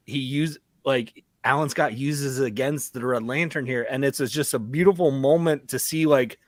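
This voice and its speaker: A man's voice: medium pitch, moderate pace, no echo. A man talking casually on a live-streamed panel, rambling with lots of fillers.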